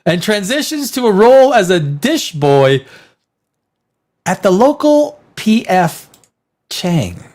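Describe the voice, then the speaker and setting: A man's voice: high voice, very animated, takes it slowly, long pauses, a little mellow. A man hosting a live movie news stream, reading viewer comments in a crude, rambling way and laughing often. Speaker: host.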